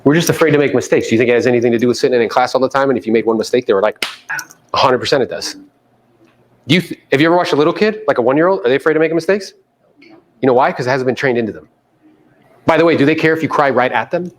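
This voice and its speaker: A man's voice: medium pitch, rapid-fire. A man giving a live motivational seminar to a room of agents, quizzing the audience and mimicking people in playful voices. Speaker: real estate coach speaking to agents.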